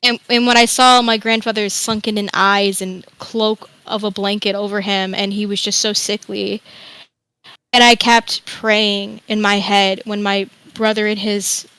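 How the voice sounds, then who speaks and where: A woman's voice: mid-range voice, level tone, unhurried, bright, forceful tone, clear, resonant tone, dry recording, rough recording. A young woman guest telling a candid, rambling personal story, sometimes swearing. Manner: rambling, emotional, swears freely. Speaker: interview guest.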